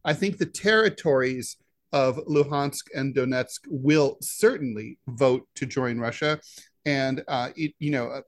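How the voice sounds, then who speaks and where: A man co-hosting a political discussion podcast who talks in a halting way, with many "uh" fillers between phrases. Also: mid-range voice, no room sound. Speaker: podcast co-host, editorial cartoonist.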